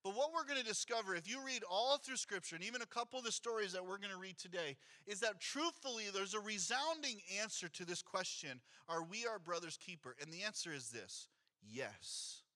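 A man's voice: sits high, animated, a little fast, pushed and bright. A man, a pastor, preaching a sermon in a conversational way, reading scripture aloud and adding rhetorical asides to his congregation.

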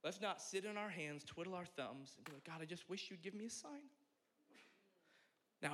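A young adult man giving a casual, conversational sermon as a pastor, joking at his own expense. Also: fairly high pitch. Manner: conversational, self-deprecating, animated.

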